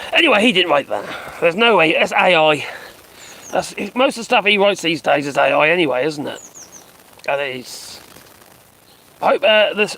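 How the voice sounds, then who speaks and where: A man's voice: high voice, vocal fry, a bit bright, rough recording. A man doing casual live-stream commentary on his phone, mocking and sarcastic, swearing and chuckling as he reacts.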